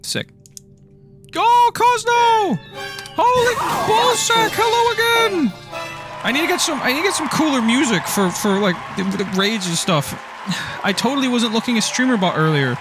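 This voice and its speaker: A man from Ireland chatting casually on a live game stream, rambling and excitable, swearing often and tripping over his words. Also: sits high, brisk. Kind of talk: casual live-stream chat while playing. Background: faint music.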